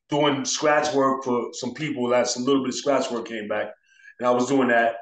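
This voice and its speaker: A man in a relaxed interview, talking through his memories at an easy pace and slipping into the voices of the people he quotes. His voice sits at an ordinary pitch. The room gives it a noticeable echo. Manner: laid-back, acts out quoted voices. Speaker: DJ and turntablist guest. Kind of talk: casual storytelling interview. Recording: roomy echo.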